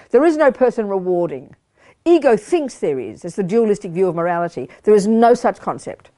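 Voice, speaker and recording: An older woman speaks in a mid-range, somewhat mellow voice, teaching Buddhism to a study group in a study center's meditation hall. Her delivery is forceful, and she keeps posing rhetorical questions to her listeners.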